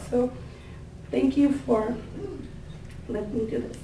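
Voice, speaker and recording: A woman giving a thank-you speech at a gathering, introducing guests with warm, gushing words and many fillers. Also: a little high, fairly even intonation, moderate pace, long pauses, some chatter behind. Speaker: event organizer introducing staff and guests. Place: large indoor room with tables. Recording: echoey room, picked up from a distance, faint ambient noise.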